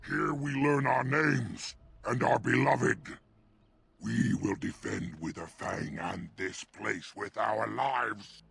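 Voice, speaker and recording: An actor playing a solemn male elf clan guardian in a video game, speaking in a gravelly, vowing manner. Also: medium pitch, slow, a bit bright, exaggerated voice.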